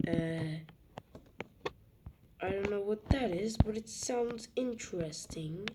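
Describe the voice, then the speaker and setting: A young woman narrating a map video in a casual, rambling way, with self-mocking asides and soft muttered remarks. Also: medium pitch, takes it slowly, pauses often. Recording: loud background noise.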